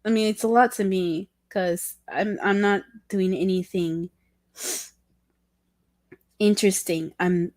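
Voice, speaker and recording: A woman's voice: mid-range voice, fairly even intonation, slow, pauses often, a little mellow, dry recording. A woman whose first language is Spanish, chatting casually on a livestream in a rambling, curious and apologetic way.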